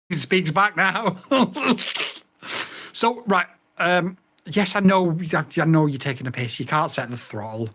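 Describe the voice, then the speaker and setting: A man in a casual review vlog, his pitch leaping all over as his patience runs out. He swears and keeps repeating the same voice commands, exasperated and blunt. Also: expressive, slow pace, long pauses, fairly bright tone. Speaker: vlogger reviewing a drone radio.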